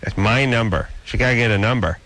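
A middle-aged man hosting a radio show, talking in sarcastic, ranting banter and dropping quick comic impressions. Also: on the low side, heavy background noise.

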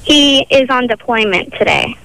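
A young woman calling in to a radio show, talking in a hesitant, halting way. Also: a little high, expressive, sharp tone, dry recording, low-quality recording. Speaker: caller. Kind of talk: call-in radio chat.

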